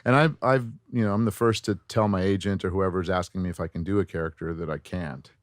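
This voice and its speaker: A middle-aged man, a voice actor, chatting in an interview and breaking into quick voice demos as he explains. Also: low-pitched, no room sound, studio quality. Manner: animated, demonstrates voices while explaining. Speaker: voice actor guest. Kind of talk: casual interview chat.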